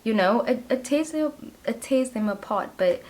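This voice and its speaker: A woman's voice: a little high, lively intonation, normal speed, a little mellow. Chatty woman doing a tarot reading. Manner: chatty, giggly, heavy use of 'like'. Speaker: tarot reader. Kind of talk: casual pick-a-card tarot reading.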